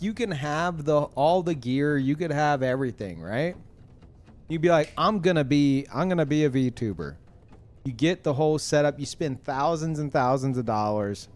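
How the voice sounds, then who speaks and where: A man streamer chatting casually to his viewers, rambling with lots of fillers and restarts, soft music behind him. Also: a little high.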